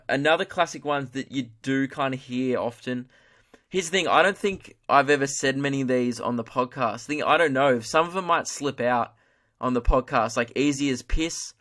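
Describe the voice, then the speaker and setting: With a medium-pitched, fairly bright voice, a young Australian man goes it alone on his comedy podcast. Expect plenty of swearing, broad slang, self-deprecating jokes and meandering tangents.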